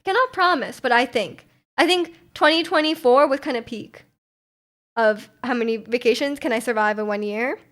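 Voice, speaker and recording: A woman's voice: fairly high pitch, a bit bright. A young woman livestreamer in casual chat, rambling and laughing often as she answers her chat.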